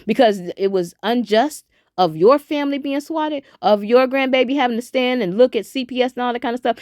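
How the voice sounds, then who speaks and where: A woman's voice: on the high side, a little fast, no room sound, studio quality. A woman commentary host, casually reading messages aloud to viewers, cussing and talking to them directly. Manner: animated, cussing, talks to viewers as y'all. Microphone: phone.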